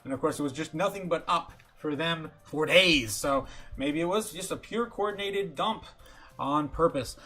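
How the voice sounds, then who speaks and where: A man hosting a casual livestream, talking excitably with lots of fillers and chuckles. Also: fairly high pitch, moderate pace. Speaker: livestream host.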